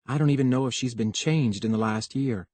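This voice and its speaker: Male reader playing a quiet, plaintive young recruit; dry audiobook sound. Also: medium pitch, a little fast, dry recording, close to an everyday voice. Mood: subdued. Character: young man, rebellious, newly recruited.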